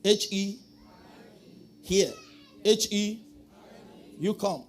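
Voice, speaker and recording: A man preaching a sermon, calling out to the congregation and swinging from quiet asides to shouting. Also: sits high, very slow. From Nigeria. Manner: preaching with call-and-response, swinging from soft to shouting. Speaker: pastor.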